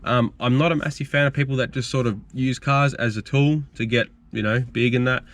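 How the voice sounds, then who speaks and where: A man's voice: medium pitch, fairly even intonation, fairly quick, a bit bright. A young man, hosting a car channel and telling stories in a casual, rambling, frank Q&A vlog. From Australia. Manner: rambling, frank, storytelling with fillers.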